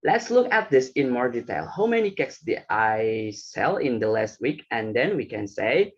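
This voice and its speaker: Guy reading slides for class, kinda husky, dull muffled audio. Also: medium pitch, sing-song, measured pace. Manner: reads slides, hesitant with fillers. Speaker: student presenter. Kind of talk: class presentation.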